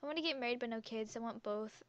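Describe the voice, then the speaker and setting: Giggly teenage girl with a bright voice. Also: on the high side, quick pace, dull audio. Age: teens. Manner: giggly, chatty, reads quiz questions aloud and answers them. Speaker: gaming YouTuber. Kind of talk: casual quiz commentary. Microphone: headset mic worn around the neck.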